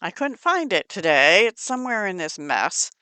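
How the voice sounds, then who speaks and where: A woman's voice: fairly low pitch, sing-song, normal speed, sharp tone, no room sound. A middle-aged woman hosting a crafting channel, chatting casually in her craft room and gushing over supplies with murmured asides.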